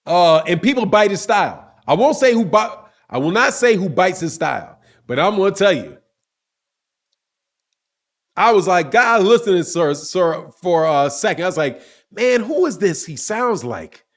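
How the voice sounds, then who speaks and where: A man's voice: high-pitched, lively intonation, normal speed. A man in his forties hosting a casual livestream, reading chat comments aloud in a slangy, rambling way. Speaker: boxing channel host.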